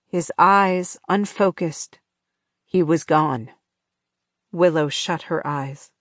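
Slow, measured woman narrating an audiobook. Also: low voice, no echo, clean studio sound. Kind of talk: scripted narration.

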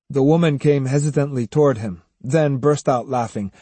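Husky, warm male audiobook narrator. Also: mid-range voice, no room sound. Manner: measured storytelling, many voices. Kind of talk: scripted narration.

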